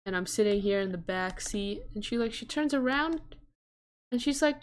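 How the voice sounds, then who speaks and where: A young woman streamer telling a childhood story on stream, acting out the voices with gasps and loud jumps. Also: on the high side, normal speed, soft background music.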